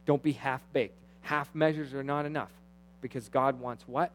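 A man preaching a sermon, animated, swinging between loud exclamations and quiet, low asides as he acts out quoted dialogue. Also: normal speed, slight background noise, poor audio. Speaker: pastor.

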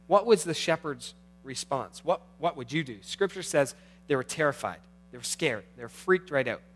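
During his sermon, this middle-aged pastor shifts from quiet, intimate moments to animated passages that build upward. He sounds husky and somewhat high-pitched, speaking at normal speed.

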